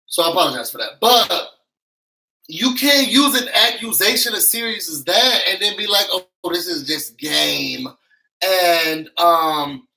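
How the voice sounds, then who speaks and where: A man giving an animated, sassy recap of a reality show, acting out what others said with emphatic asides to his viewers. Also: high voice, unhurried, vocal fry, low-quality recording. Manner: sassy, emphatic, acts out quotes. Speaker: YouTube reality-show reviewer.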